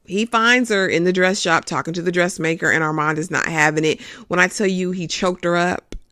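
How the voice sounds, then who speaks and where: A host giving a casual, expressive recap of a TV episode, calling listeners "honey" as they go. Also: medium pitch, fairly quick, dry recording, clean studio sound.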